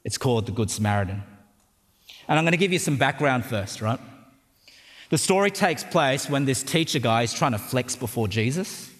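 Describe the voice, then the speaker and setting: A man's voice: mid-range voice, lively intonation, moderate pace. A man with an Australian accent preaching a sermon, conversational and joking, often checking in with the crowd. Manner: conversational and humorous, with frequent tag questions. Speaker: pastor. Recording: long hall reverb.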